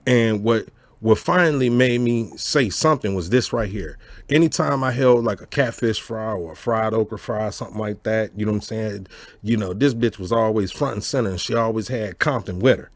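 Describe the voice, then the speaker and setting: A man telling a story in casual chat, animated and profane, laughing often and asking whether the listener gets his point. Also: on the low side, normal speed, dry recording. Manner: animated, profane, laughs often, keeps asking "you know what I'm saying". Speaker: storyteller host.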